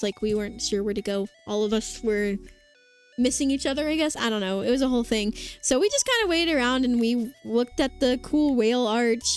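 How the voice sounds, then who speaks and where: High-voiced young woman rambling on stream. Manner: rambling, filler-heavy, reads chat aloud. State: sore throat after hours of talking. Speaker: vtuber streamer. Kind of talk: casual livestream chat. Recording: faint music behind the voice.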